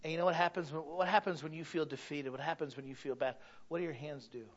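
A man in his thirties, a pastor, delivering an impassioned sermon that swings from hushed to loud, repeating key phrases. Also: a little high, steady tone, fast talker. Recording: dull lo-fi recording.

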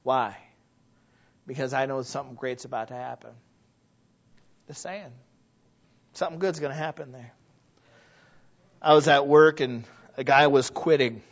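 A man preaching a sermon in a church, animated and quick to laugh as he talks to the congregation. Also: mid-range voice, lo-fi sound. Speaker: pastor.

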